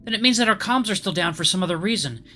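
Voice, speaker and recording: A man's voice: high-pitched, animated, fast, pushed and bright, pitched above the performer's own voice, full character voice. A man voicing an anxious young woman on a ship's crew, nervously explaining. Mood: worried.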